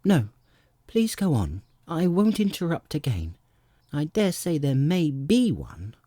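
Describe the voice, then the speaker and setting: A man voicing a curious, earnest young girl in a storybook, inquisitive and quick to take offense. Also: fairly high pitch, wildly swooping pitch, dark tone, no room sound, clean studio sound, voice pushed up, exaggerated voice.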